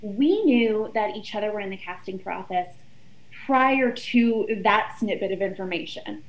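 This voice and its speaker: A woman's voice: mid-range voice, unhurried, dull audio. A young woman from Texas, a reality show guest, telling her story casually and acting out what her friends said. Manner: animated storyteller who acts out quoted friends.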